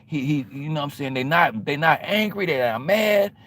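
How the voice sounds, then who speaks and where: A man's voice: on the high side, lively intonation, moderate pace, a bit bright. A man hosting a livestream, talking back to his chat in a confrontational, repetitive and slangy way. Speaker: livestream host.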